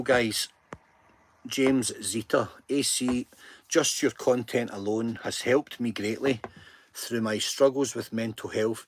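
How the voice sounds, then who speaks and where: This Scottish man hosts a casual live stream, chatty and earnest while poking fun at himself. His voice sits in the mid-range, with a little hiss or hum on the recording.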